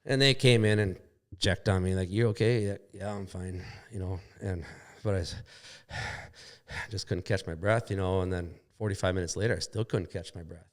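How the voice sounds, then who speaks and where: Here a low-pitched male voice moves at a normal speed. In a shop setting, the podcast guest spins out a lengthy crash tale full of profanity and tangents. He voices the other people's lines as he goes.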